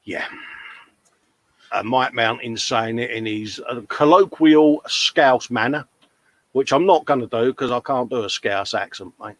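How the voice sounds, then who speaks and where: A man's voice: medium pitch, measured pace, a bit bright, no room sound. A man hosting a live modelling show, chatting casually, reading out viewer comments and calling everyone mate. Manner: chatty, matey, laughs often.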